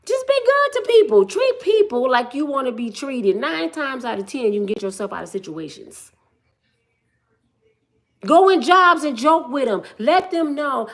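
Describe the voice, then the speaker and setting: Lively, joking woman from Michigan. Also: high-pitched, a little slow. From Michigan, USA. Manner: blunt, joking, acts out quoted voices. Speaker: business owner telling stories. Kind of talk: casual storytelling monologue.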